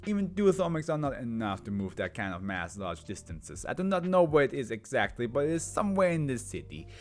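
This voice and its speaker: A man's voice: medium pitch, very animated, a little fast, soft background music, natural voice. A man voicing a cheery, sly male mobster with an Italian accent, polite and evasive. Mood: chipper.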